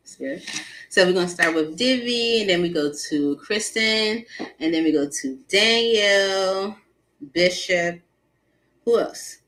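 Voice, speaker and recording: Woman, tarot stream host, features, casual chat, laughs a lot, animated. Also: fairly low pitch. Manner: animated, laughs often, talks to the chat directly. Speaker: tarot reader hosting a live call-in stream.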